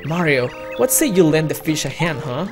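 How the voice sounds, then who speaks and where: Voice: medium pitch, lively intonation, normal speed, over music, natural voice. A let's player voicing a pompous, upper-class male explorer with plummy, old-fashioned phrasing. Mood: jaunty.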